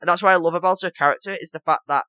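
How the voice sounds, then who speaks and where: A man co-hosting a casual gaming podcast speaks rapid-fire in a high, bright, pushed voice that stays steady in tone. He rambles, repeats himself and leans on "basically" and "obviously," captured in a dry, lo-fi recording.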